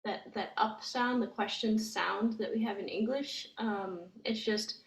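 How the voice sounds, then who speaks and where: A woman teaching a language lesson, explaining gently and step by step with frequent ums. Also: medium pitch, measured pace, vocal fry, reverberant, poor audio. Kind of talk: slow, patient language lesson.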